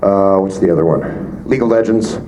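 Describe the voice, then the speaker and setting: A Canadian voice actor answering fan questions at a convention panel, joking with quick asides. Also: male voice, low-pitched. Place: convention panel room with audience. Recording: live room with crowd noise.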